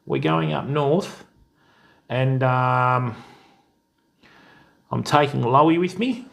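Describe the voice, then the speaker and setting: This fishing stream host is an Australian man with a mid-range, extremely slow voice that carries vocal fry and a bit of brightness. On his casual live stream he chats amiably, greeting viewers by name and calling them mate and bud.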